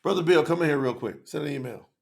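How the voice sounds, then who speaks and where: A man's voice: a little high, fast, gravelly. A man hosting a live online telethon, talking passionately and casually straight to his viewers. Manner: passionate, addresses viewers directly in casual slang. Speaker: livestream host. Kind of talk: casual livestream talk.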